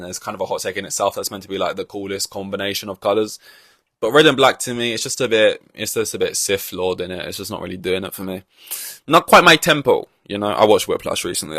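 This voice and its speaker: A man's voice: lowish voice, a bit bright, dry recording, clean studio sound. A man hosting a podcast, giving blunt, profane opinions in a rambling, casual way. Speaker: podcast host. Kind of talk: casual ranting podcast chat.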